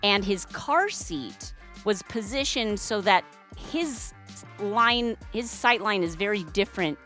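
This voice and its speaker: A woman hosting a livestream, chatty and rambling, her pitch rising and falling a lot. Faint music plays under her. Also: a bit bright. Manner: chatty, rambling, trails off and restarts. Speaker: streamer host. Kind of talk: casual chat on a livestream.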